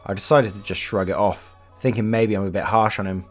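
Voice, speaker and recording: A male narrator reading online posts aloud in a low-pitched, casual voice. He swears freely and chats between passages. Faint music plays behind him. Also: fairly even intonation, fairly quick. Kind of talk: reading Reddit stories aloud.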